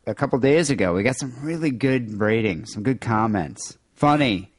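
A man's voice: mid-range voice, normal speed, dry recording. Nasal man hosting a podcast. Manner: animated, reads listener emails aloud. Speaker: podcast host. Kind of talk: casual podcast banter.

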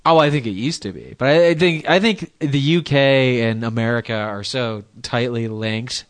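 A man's voice: medium pitch, moderate pace, no echo. A man co-hosting a podcast in casual chat, reading news stories aloud with joking asides. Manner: rambling, jokey, reads news aloud with asides.

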